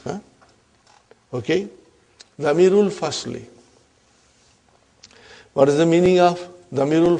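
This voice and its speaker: A man's voice: a little high, gravelly, darkish tone. A man teaching an Arabic grammar lesson, explaining step by step, repeating key terms and often asking the class if they follow. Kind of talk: classroom lecture.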